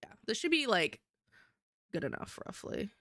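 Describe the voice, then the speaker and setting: A woman's voice: mid-range voice, sing-song, moderate pace, a bit bright, no room sound, studio quality. A woman streamer chatting in a rambling, self-mocking way while she draws. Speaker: streamer and artist. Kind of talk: casual chat while drawing on stream.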